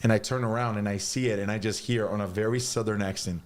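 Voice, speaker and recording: A man's voice: on the low side, fairly even intonation, fast talker, hardly any pauses. A man who is a former basketball player and TV analyst, telling stories as a guest on a sports podcast. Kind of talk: casual podcast chat, storytelling.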